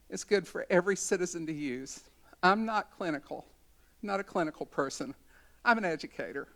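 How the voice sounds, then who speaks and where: A woman in her sixties, a community educator, giving a storytelling talk at a symposium in a college conference center. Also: fairly low pitch.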